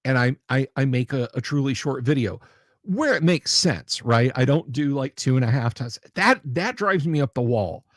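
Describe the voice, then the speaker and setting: A man hosting a casual livestream chat, talking in a halting way with lots of pauses and restarts, and often repeating himself for emphasis. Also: medium pitch, lively intonation, dry recording, studio quality. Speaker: livestream host.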